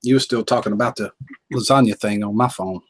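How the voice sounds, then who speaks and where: Husky Southern man with a lowish voice. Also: a little fast, dry recording, poor audio. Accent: North Carolina Southern. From North Carolina. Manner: folksy, drawling, reads viewer comments aloud. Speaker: live-stream host. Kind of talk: casual live-stream chat with viewers.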